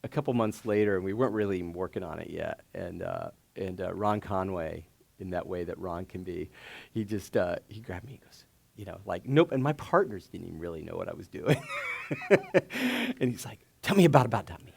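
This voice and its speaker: A man telling stories onstage as a guest at a live event, animated and laughing often, with lots of fillers and restarts. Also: low voice, fairly quick, creaky, husky. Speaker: startup founder and guest. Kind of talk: casual onstage storytelling. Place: stage before a live audience.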